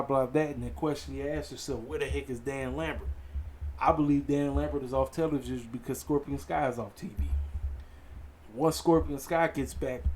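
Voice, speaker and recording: Guy rambling about last night's wrestling show, animated, a little background hiss. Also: mid-range voice. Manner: animated, conversational, addresses viewers as ladies and gentlemen. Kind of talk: casual solo commentary.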